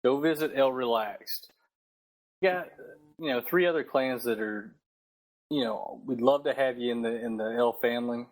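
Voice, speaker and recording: A man's voice: mid-range voice, moderate pace, rough recording. A man co-hosting a podcast, rambling and repeating words as he explains things. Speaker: podcast co-host. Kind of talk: casual chat.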